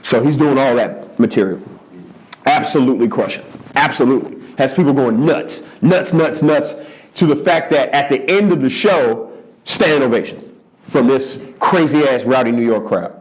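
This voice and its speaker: A man from the Philadelphia area, around forty, a stand-up comedian telling a story in an interview in a lit studio. He repeats words for emphasis and keeps the telling lively and animated. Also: moderate pace. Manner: animated, repeats for emphasis, jumps into high-pitched voices for quoted people. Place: studio under hot lights.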